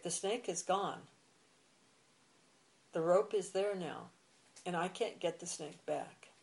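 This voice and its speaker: A woman's voice: on the low side, a little mellow, reverberant. A woman teaching spiritual philosophy, explaining patiently with examples and checking that she is understood. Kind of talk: explanatory discussion.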